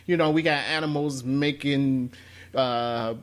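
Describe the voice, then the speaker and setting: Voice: medium pitch, fairly even intonation, takes it slowly. Opinionated podcast co-host, medium voice. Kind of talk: casual movie review chat.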